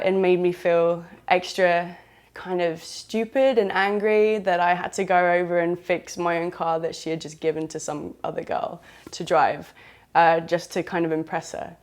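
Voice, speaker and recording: A woman with a southern English accent telling a candid first-person story in a loose, frank, chatty way with British slang. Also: lowish voice. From southern England.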